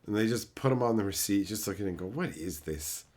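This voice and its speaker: A middle-aged man ranting sarcastically at his live chat in casual, profane talk, breaking into loud mocking outbursts. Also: on the low side, fairly even intonation, racing. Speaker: streamer reading live chat.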